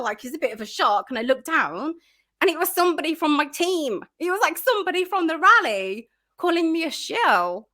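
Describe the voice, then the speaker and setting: Chatty woman guest, higher voice. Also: very animated, brisk, pushed and bright. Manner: chatty, many fillers and restarts; acts out her own past reactions. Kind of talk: casual interview chat.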